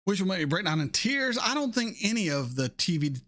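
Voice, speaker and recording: A man in his thirties hosting a casual chat, answering viewer questions in a blunt, animated way and swearing freely. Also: sits high, a little fast. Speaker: reaction channel host.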